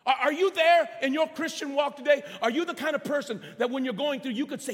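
A pastor preaching a sermon in a church, calling out to the congregation and swinging from soft delivery to shouts. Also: male voice, extremely high pitch, very fast, few pauses. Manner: impassioned preaching with call-and-response. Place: church sanctuary. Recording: long hall reverb.

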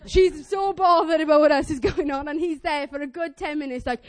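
A young woman preaching a sermon, telling a story in a chatty, earnest, animated way and acting out voices. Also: sits high, a little fast, hardly any pauses, no room sound. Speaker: lay preacher.

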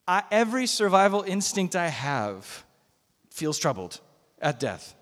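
A man's voice: sits high, big pitch swings, unhurried, fairly bright tone. A man preaching a sermon as pastor, conversational and emphatic, recorded in a church sanctuary. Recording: long reverb of a church hall.

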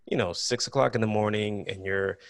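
Gravelly low-voiced man telling stories. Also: a little fast, no echo, studio quality. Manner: animated, expressive storyteller. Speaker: actor and cartoon creator. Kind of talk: casual interview.

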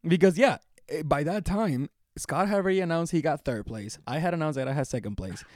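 An excitable young man with a somewhat higher voice, telling stories in animated bursts. He swears freely and laughs a lot. The recording is dry and close-miked. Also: brisk, no room sound. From Philadelphia area. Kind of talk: casual storytelling chat.

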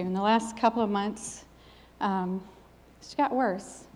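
A middle-aged woman gives a sermon and shares her own testimony. She speaks with an earnest, emphatic preaching rhythm at a medium pitch. Her voice carries long reverb, as in a church hall. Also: moderate pace, hardly any pauses, a little mellow.

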